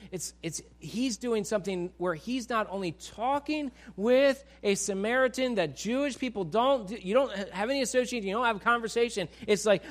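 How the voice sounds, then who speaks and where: A man preaches in a relaxed, conversational style, his voice sitting a little high. He is animated and often repeats a word as he restarts a thought. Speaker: pastor. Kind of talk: conversational sermon.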